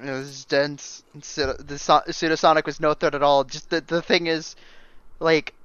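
A man's voice: fairly high pitch, level tone, normal speed, fairly bright tone, clean tone, no room sound, lo-fi sound. A man co-hosting a casual comic podcast, laid-back and adding dry asides. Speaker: podcast co-host. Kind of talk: casual comic book chat.

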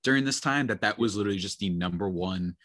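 A podcast co-host rambles through casual chat, full of filler words. His voice is on the low side, a bit bright, and quick. The studio recording is dry and clean.

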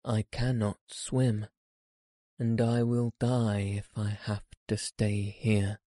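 A man reads out a weepy little storybook girl who complains plaintively in a mellow voice. Her words come slowly, and the sound is dry and close. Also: on the low side, little pitch movement, dry recording. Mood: frightened. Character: tearful, sulky young girl.

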